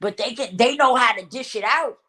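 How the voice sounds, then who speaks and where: A woman's voice: a little high, brisk, a bit bright. A woman vlogger in a blunt, repetitive talking-to-camera rant who swears casually and laughs often.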